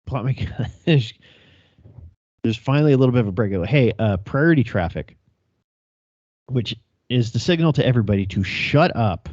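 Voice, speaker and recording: A man's voice: mid-range voice, expressive, normal speed, a little mellow, no echo. A young male police officer telling a chase story on a casual podcast, laughing, swearing and acting out radio calls. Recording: dry, dull lo-fi sound.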